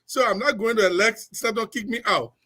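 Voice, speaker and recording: A man's voice: sits high, brisk, bright, forceful tone. A man giving impassioned political commentary on a talk show, emphatic and repeating his points. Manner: preachy, emphatic, repeats phrases.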